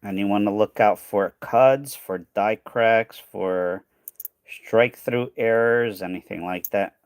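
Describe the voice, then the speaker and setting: A man's voice: on the low side, takes it slowly, clear, resonant tone, no echo. A man hosting a casual coin hunting stream, thinking aloud and trailing off, tired and losing his voice. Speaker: coin hunting channel host. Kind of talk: casual livestream chat while sorting coins.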